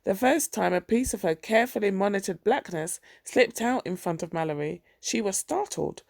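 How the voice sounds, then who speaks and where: A woman narrating an audiobook in a steady, even way, her mid-pitched voice gravelly. The sound is dry and close to the mic. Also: moderate pace, no room sound. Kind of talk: scripted narration.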